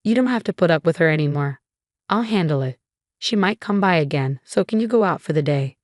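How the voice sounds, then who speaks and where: Firm, protective young husband, voiced by a woman reader; earnest, low-pitched, dry. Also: lively intonation, brisk, darkish tone, no room sound, natural voice. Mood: caring.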